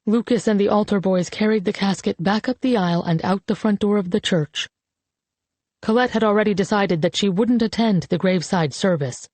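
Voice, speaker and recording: A woman narrating a novel as an audiobook in even, measured scripted storytelling. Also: medium pitch, dry recording.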